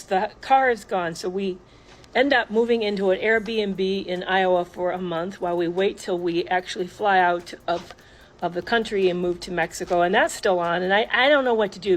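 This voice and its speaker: A woman telling a personal story in an earnest, halting way, with many restarts. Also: medium pitch, low-quality recording.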